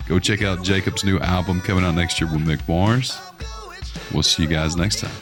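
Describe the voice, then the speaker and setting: A man's voice: low-pitched, steady tone, music in the background. A man hosting a podcast, easygoing and casual in chat. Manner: easygoing, quick back-channel replies. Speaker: podcast host.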